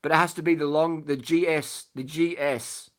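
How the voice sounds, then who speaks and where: A man with a slightly raised pitch answers questions on a live stream from his bed. He talks bluntly and casually, swears without a second thought and says his points twice. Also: fairly even intonation, moderate pace. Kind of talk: casual late-night live stream chat. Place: lying in bed at home.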